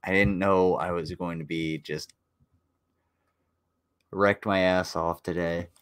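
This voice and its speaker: A man's voice: deep voice, fairly even intonation, slow, fairly bright tone, clean tone. A tired man casually commenting on a livestream, joking and swearing as he rambles. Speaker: streamer reviewing war footage.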